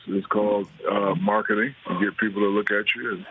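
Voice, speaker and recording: Deep-voiced man on a tinny phone line. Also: steady tone, brisk, husky. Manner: laid-back, repeats words while finding his point. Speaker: guest on phone. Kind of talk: casual chat. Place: home kitchen.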